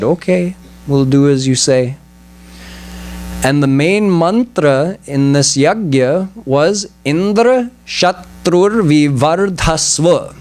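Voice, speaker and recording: A man giving a spiritual lecture in a temple, explaining terms carefully and deliberately. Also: a little high, slight background noise. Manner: slow, deliberate, explanatory, stresses pronunciation. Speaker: swami giving a religious lecture. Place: temple hall.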